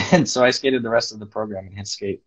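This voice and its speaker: A man with a low, slightly husky voice chats about his years in skating, telling animated stories and acting out what people said. His voice comes through a dull, lo-fi call connection. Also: brisk. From North America. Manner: animated storyteller, acts out quoted voices. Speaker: skating judge and former pair skater. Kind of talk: casual interview chat.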